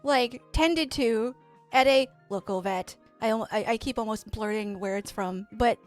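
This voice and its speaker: A woman streamer telling a story in a profane, animated rant while she plays a game. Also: fairly high pitch, a little slow, soft background music. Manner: profane, animated ranting with quoted exchanges. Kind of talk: casual storytelling while gaming.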